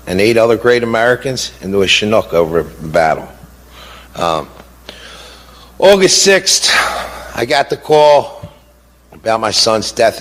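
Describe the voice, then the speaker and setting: A middle-aged man telling his own story as a bereaved father, indignant and impassioned, repeating himself for emphasis and firing off rhetorical questions. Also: mid-range voice. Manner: frequent "you know" and rhetorical questions. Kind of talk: emotional personal account. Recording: long hall reverb.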